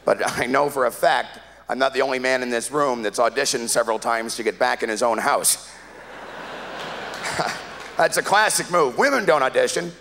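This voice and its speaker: Gravelly man doing stand-up. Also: medium pitch, normal speed, a bit bright, slight background noise. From Canada. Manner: rambling, exasperated storytelling with acted-out voices. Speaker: stand-up comedian. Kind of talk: stand-up comedy set. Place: comedy club stage before a live audience. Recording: live club recording with long hall reverb.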